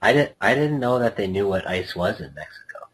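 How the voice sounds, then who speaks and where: A man co-hosting a casual late-night podcast with dry, deadpan remarks. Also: fairly low pitch, fairly quick, breathy edge, poor audio. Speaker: podcast co-host.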